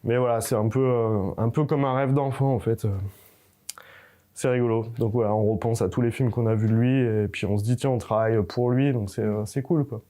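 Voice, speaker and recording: Man, game artist, hesitant interview storytelling, warm mellow tone. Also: mid-range voice, fairly even intonation, quick pace. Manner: hesitant, many filler sounds.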